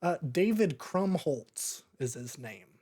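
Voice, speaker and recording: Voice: medium pitch, very animated, slow pace, dark tone, breathy edge. A podcast host talking through a movie in a casual, rambling way, often breaking into laughter. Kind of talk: casual movie review chat.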